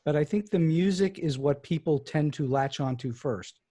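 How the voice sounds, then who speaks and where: Male host, slightly higher voice, affirming, thoughtful interviewer. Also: normal speed, mellow, slightly rough. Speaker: podcast host. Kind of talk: conversational interview.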